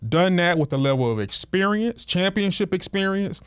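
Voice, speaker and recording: Halting man in dry casual sports chat. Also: high voice, expressive, a bit bright, clean tone, no room sound. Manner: halting, repeats words when starting a thought. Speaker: podcast co-host.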